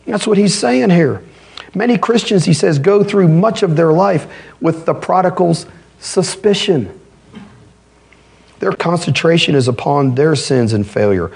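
Man, pastor, sermon, gravelly and husky voice, emphatic conversational preaching. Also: fairly high pitch, a little slow, a little mellow.

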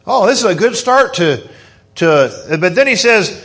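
A middle-aged man delivers a church sermon in a high, hoarse voice. He drops to quiet, drawn-out phrases, then climbs into fast, excited passages. The tone stays fervent and earnest throughout. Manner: fervent, rising to excited emphasis. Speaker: preacher.

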